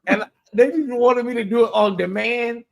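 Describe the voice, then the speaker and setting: A man chatting as a guest on a live stream, giggly and animated, often breaking into laughter. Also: extremely high pitch, moderate pace, gravelly. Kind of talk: casual live-stream chat.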